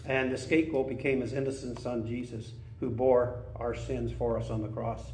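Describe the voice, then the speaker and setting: A man preaching a sermon as a pastor, earnest and conversational, reading scripture with lively emphasis. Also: medium pitch, moderate pace, echoey room, a little hiss or hum.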